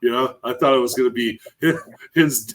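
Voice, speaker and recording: A man's voice: mid-range voice, moderate pace, a bit bright, poor audio. A man co-hosting a podcast, chatting in a laid-back, agreeable way with many fillers. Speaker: podcast co-host. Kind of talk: casual chat.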